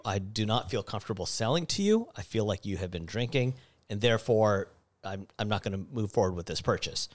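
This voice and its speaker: Young man, casual storytelling, animated, acts out quotes, laughs easily. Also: lowish voice. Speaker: former store clerk telling a story.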